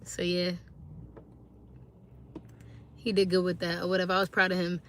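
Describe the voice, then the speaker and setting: A woman's voice: on the low side, monotone, normal speed, slight background noise. A tired woman talking casually to viewers on a phone live stream, chatty and slangy, greeting them again and again. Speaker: livestreaming mom.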